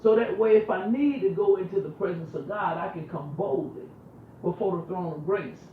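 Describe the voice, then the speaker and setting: A man's voice: high voice, normal speed, slight background noise. Man preaching from far off in an echoey room. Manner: emphatic, colloquial, repeats phrases, calls listeners "man". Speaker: minister speaking on a ministry talk show. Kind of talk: informal preaching talk. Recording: very echoey, distant, muffled room sound.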